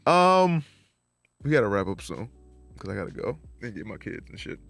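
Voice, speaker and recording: A man's voice: on the low side, sing-song, gravelly, fairly bright tone, no echo, soft background music. A man hosting a podcast, chatting casually and reacting to his guest. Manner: loose, agreeable interviewer with quick backchannels. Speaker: podcast host. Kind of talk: casual chat.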